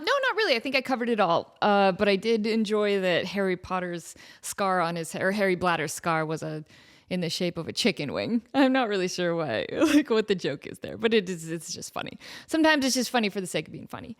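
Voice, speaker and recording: A woman's voice: medium pitch, sing-song, a little fast. A woman in her thirties hosting her own podcast, talking casually with frequent laughs and fillers. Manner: chatty, laughing, lots of fillers. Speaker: podcast host. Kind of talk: casual chat.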